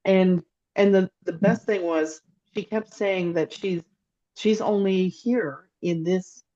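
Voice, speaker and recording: A woman's voice: mid-range voice, fairly even intonation, takes it slowly, warm tone, lo-fi sound. A woman co-hosting a casual chat over a remote call, telling an emotional story in a rambling way with many restarts. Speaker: psychic, podcast co-host. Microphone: remote call microphone.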